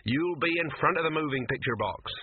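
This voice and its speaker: A man voicing a gruff, teasing old male cameraman. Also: fairly high pitch, brisk, no room sound, pitched above the performer's own voice. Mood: knowing. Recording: tinny phone-like dry recording.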